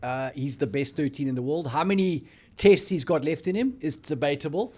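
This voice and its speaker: Brief: dry-witted co-host, slightly high-pitched. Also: male voice, a little fast, a little mellow. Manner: dry, wisecracking. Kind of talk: casual sports chat.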